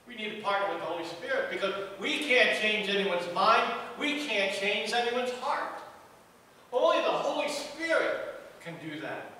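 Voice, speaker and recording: A man's voice: sits high, expressive, normal speed, sharp tone, a little hiss or hum. A man preaching a sermon as pastor of a church, earnest and repetitive in his cadence. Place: church sanctuary. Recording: echoey church hall from far off.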